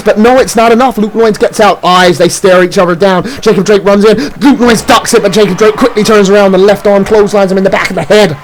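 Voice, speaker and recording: A man calling a wrestling match play by play, shouting out near-falls and big moves. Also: sits high, fairly even intonation, slight background noise, low-quality recording. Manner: rapid move-by-move calls, shouting near-falls. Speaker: play-by-play commentator. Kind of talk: excited wrestling commentary.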